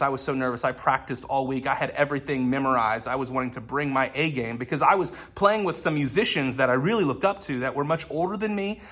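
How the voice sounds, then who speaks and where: Husky-voiced man preaching a sermon. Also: medium pitch, a bit bright. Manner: conversational, earnest, lightly humorous. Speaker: pastor.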